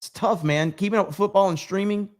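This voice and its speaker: Male streamer host, slightly higher voice, casual and crude, rambles while reading chat. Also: a little fast. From United States. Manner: loose, profane, rambling. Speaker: livestream host.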